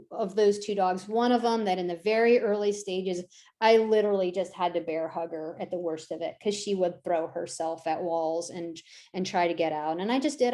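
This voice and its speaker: A woman's voice: medium pitch, a little mellow. A woman teaching a dog-training workshop in a conversational way, often adding "right?" and acting out quoted voices. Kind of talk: online workshop talk.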